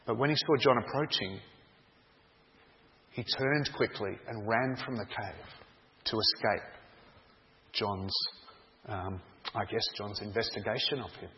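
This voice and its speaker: A man preaching a sermon, telling a story in a dramatic, deliberate way. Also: lowish voice. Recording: dull echoey hall sound.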